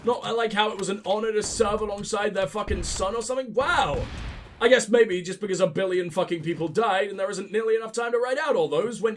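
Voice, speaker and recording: Sarcastic, profane man with a high voice. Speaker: let's play host. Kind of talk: gameplay commentary.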